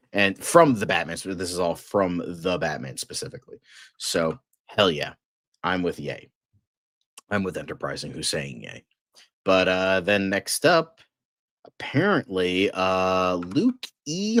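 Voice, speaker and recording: A man hosting a casual fan news livestream, excitable and rambling, with lots of fillers and frequent swearing. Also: on the low side, dry recording, studio quality.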